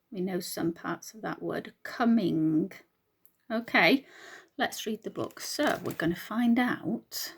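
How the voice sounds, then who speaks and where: Female teacher reading a storybook to young pupils: husky, clear and encouraging, asks the kids questions. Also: mid-range voice. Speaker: primary school teacher. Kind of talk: recorded reading lesson for children.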